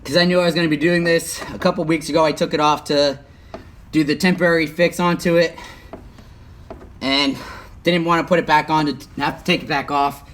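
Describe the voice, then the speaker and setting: A man's voice: a little high, fairly even intonation, a little fast, a bit bright. A young man chatting casually on an outdoor livestream while he works on a truck, hot and sweating, recorded on a phone. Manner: chatty, talks while working, often mutters. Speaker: livestreaming YouTuber. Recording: faint outdoor noise.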